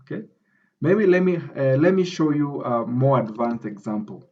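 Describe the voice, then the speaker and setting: A man's voice: medium pitch, moderate pace, highs cut off. A man with a Kenyan English accent explaining grammar as a tutor, often checking in with "okay?". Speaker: academic writing tutor. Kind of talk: screen-recorded grammar lesson.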